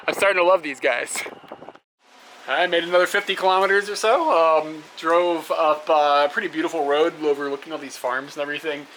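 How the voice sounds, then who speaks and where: Roadside and at rest stops, a young travel vlogger chats to his camera at a moderate pace in a highish, fairly bright voice. He rambles, drops fillers and laughs often, and the poor camera audio has clear traffic in it.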